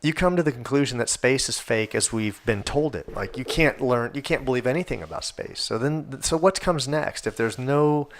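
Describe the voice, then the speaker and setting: A man's voice: medium pitch, normal speed, few pauses, slight background noise. A man hosting a casual solo podcast, rambling and swearing as he gets worked up. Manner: rambling, profane, animated. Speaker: podcast host.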